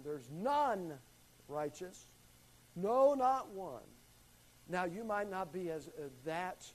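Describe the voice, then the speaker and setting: A middle-aged man teaches from the pulpit in a voice pitched a little high. He reads scripture slowly, stressing certain words and swelling in volume on them. Between readings he talks plainly to his listeners. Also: a little mellow, poor audio. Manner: emphatic, varies volume and slows for stress on scripture. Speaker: pastor teaching a class. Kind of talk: sermon teaching.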